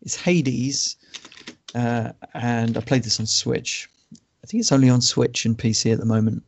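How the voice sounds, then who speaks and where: A man co-hosting a podcast, talking casually about games in a measured, calm way. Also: mid-range voice, creaky, slight background noise. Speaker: podcast co-host.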